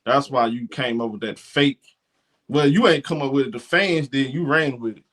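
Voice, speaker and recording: A man's voice: mid-range voice, normal speed, fairly bright tone. A man hosting a sports talk show, giving blunt, indignant commentary and often repeating himself.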